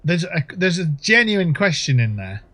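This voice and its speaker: Excitable, profane male gaming streamer. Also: fairly high pitch, normal speed. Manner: profane, jokey, bursts into excited whoops. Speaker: livestream gamer host. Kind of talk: casual gameplay commentary.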